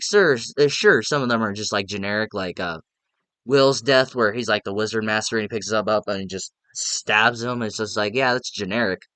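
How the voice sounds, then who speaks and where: An eager young man talks through a horror film review in a loose, rambling way, tripping over restarts as he goes. His voice is bright and crisp, and the sound is close and dry. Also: on the low side, no echo. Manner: rambling and enthusiastic, many fillers and restarts. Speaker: movie reviewer. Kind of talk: casual spoken film review.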